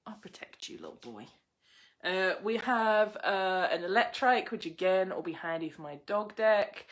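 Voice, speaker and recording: Excitable woman gushing through an unboxing. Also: medium pitch. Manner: chatty and excitable, gushing and giggly over cute things. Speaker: livestream host opening card packs. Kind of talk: casual live unboxing chat.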